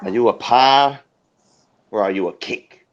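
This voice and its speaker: A man riffing in a grandiose, preacher-like comedic oration, drifting from hushed whispers to loud declaiming. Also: mid-range voice, unhurried, highs cut off, slight background noise. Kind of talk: improvised comedic mock oration.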